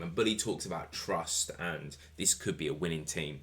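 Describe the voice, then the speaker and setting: Brief: lower-voiced man, excitable solo podcast reviewer, casual swearing. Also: normal speed. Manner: enthusiastic, rambling, swears casually. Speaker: wrestling show reviewer.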